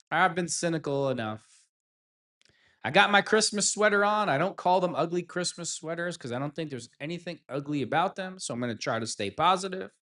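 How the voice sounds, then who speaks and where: Man, fan reaction host, sarcastic rant, bright tone, a bit high-pitched. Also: expressive, moderate pace. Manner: heated, sarcastic, mocking pundits. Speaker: sports commentary host. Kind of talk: ranting fan reaction video.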